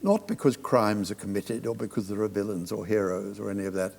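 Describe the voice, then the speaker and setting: A man's voice: on the low side, brisk, creaky, darkish tone, big-room sound. Older man telling theatre anecdotes. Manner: reflective anecdotal storyteller. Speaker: stage director, guest. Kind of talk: live on-stage conversation. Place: theatre platform before an audience.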